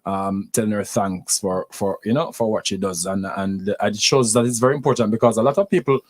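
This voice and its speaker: A man's voice: lowish voice, a little fast. A man hosting a radio talk show, chatting loosely with guests and often restarting his words. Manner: loose, filler-heavy, repeats words. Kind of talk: casual interview chat.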